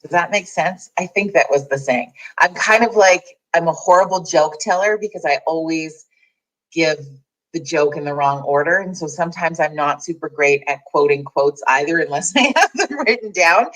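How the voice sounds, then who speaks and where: A woman's voice: low voice, a bit bright, rough recording. A woman hosting a daily online community chat, talking candidly and rambling, with frequent laughs. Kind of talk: casual heartfelt livestream chat.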